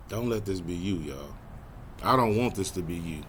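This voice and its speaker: A man with a lowish voice gives a Bible study lesson, talking straight to his listeners in a casual way. He drags out scripture readings slowly, then jumps up high in animated asides. Short tag words at the ends of his phrases fade down to almost nothing, with a faint hum of ambient noise behind him. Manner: slows right down to read scripture aloud; lively pitch jumps with soft trailing tag words. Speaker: Bible teacher.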